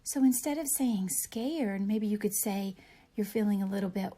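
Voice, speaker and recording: A young woman teacher reading a picture book aloud to young children, pausing to ask gentle questions. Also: medium pitch. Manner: gentle, animated storybook reading with questions to kids.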